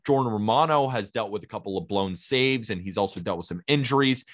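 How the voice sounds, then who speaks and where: A man co-hosting a sports podcast, speaking in a measured, analytical way and rattling off numbers. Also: on the low side, a bit bright, dry recording, clean studio sound. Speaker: podcast co-host. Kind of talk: casual sports podcast chat.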